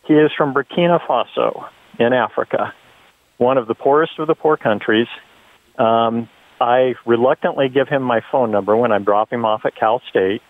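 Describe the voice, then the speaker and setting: A man's voice: medium pitch, moderate pace. A middle-aged man calling in to a talk show, telling a story earnestly with many ums and uhs. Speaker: caller. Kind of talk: phone-in story. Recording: tinny phone line.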